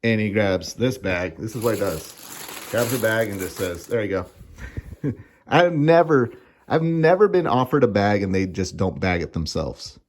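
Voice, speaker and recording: A man's voice: lowish voice, sing-song, moderate pace. A man in his thirties giving a casual, sarcastic and profane food review, laughing often as he rants. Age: 30s.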